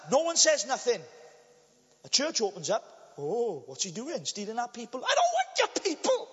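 A blunt, impassioned Welsh man preaching from a church pulpit, his unusually high voice leaping up and down as he drives his points home. The sermon echoes with a long church reverb, and the recording is dull and lo-fi. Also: fairly bright tone. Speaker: pastor.

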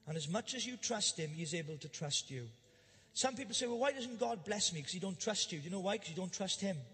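A man preaching a humorous storytelling sermon to a church congregation, animated and jokey, building to loud emphatic bursts. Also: high-pitched. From Wales. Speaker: pastor. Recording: live church hall reverb.

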